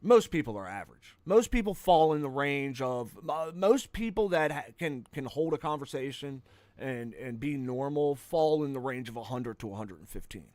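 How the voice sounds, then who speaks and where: A man's voice: medium pitch, normal speed, darkish tone, no room sound. Profane rambling gamer man. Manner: crude, profane, rambling rants with sudden outbursts. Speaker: gaming streamer. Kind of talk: casual gameplay commentary.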